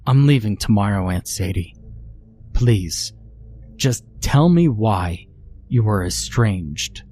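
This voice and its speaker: A man's voice: on the low side, lively intonation, slow, mellow, faint music behind. A man voicing a pleading young niece. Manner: trembling, pleading, urgent.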